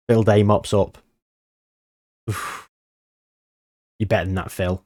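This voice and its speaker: A man giving excitable, nervous live commentary on a game he is playing. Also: on the low side, slow pace, long pauses. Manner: excitable, nervous, reacting loudly to match moments. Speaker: gaming channel host.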